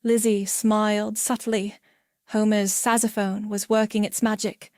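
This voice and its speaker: A woman reading a mystery story aloud in a clear, measured narration. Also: medium pitch, little pitch movement, darkish tone, dry recording, clean studio sound. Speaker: audiobook reader.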